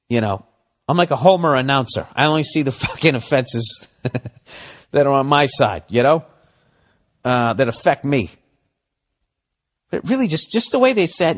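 A man hosting a podcast, ranting in a profane, exasperated comedic style and acting out both sides of arguments. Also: medium pitch. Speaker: podcast host. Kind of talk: comedic rant.

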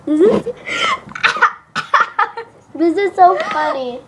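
A woman's voice: very high-pitched, takes it slowly, heavy background noise. A young girl playfully hosting a toy cooking video with a friend, giggly and bossy. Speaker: video maker.

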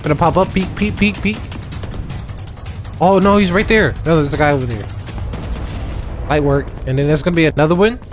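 A gamer giving excited, trash-talking commentary while playing a shooter game. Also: mid-range voice, normal speed, long pauses. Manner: hyped, whooping, trash-talking. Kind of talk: live gameplay commentary. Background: faint game music and gunfire.

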